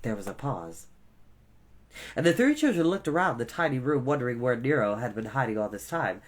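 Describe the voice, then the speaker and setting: A man's voice: medium pitch, sing-song, brisk, a little hiss or hum. A man reading a children's novel aloud as a storyteller, adding asides to his listeners.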